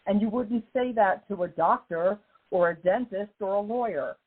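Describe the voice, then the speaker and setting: A woman hosting a podcast in casual chat, talking effusively and with emphasis, her voice a little hoarse after an illness. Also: medium pitch, normal speed. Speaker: podcast host. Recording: phone-like narrow band.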